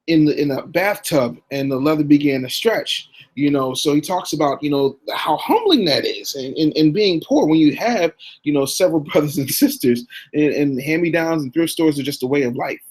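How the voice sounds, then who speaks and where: A man teaching public speaking through personal stories, joking and animated, often repeating words as he starts a sentence. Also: a little high, normal speed, few pauses, poor audio. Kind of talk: storytelling lecture.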